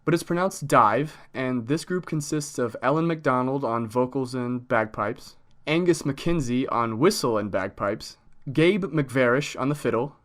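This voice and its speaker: Joking, animated male album reviewer. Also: medium pitch. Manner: animated, joking, swears casually. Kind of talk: casual video review.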